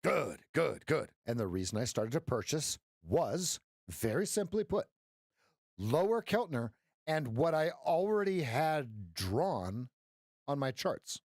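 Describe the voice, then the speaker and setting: Animated male trading coach. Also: medium pitch, slow pace, no echo, studio quality. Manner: playful, jokey, makes sound effects. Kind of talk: live-stream trading commentary.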